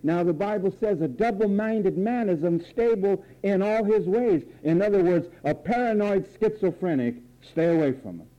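A man's voice: sits high, normal speed, few pauses, highs cut off. A man preaching a sermon, theatrical, acting out voices and repeating phrases for effect.

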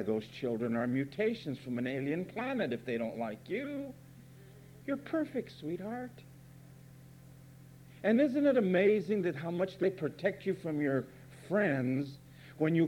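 High, mellow-voiced male preacher, fiery and sarcastic sermon, pulpit delivery. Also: slight background noise. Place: church pulpit.

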